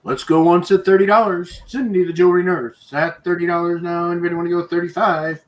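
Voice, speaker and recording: A man running a live online auction, calling bids in brisk, repetitive patter and chuckling now and then. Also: high voice, steady tone.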